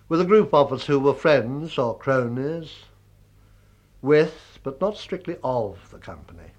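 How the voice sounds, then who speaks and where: Man, spoken reminiscence, measured, wry, anecdotal. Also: medium pitch. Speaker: friend recalling a colleague.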